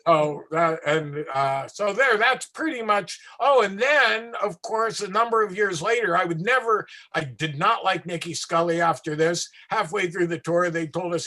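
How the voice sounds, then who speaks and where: A man who works as a street performer, telling a long anecdote in an interview with animated asides and acted-out voices. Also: high-pitched, normal speed, few pauses.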